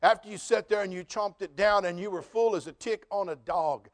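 A man's voice: high-pitched, fairly quick. A middle-aged man preaching a sermon as pastor, telling stories and asking the congregation questions, rising to emphatic repeated phrases. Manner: addresses congregation directly with questions.

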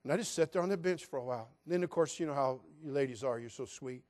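A preacher, an older man from California, tells stories from the pulpit in a dramatic, folksy manner and hushes his voice to mimic the people he quotes. He speaks at a quick pace with medium pitch.

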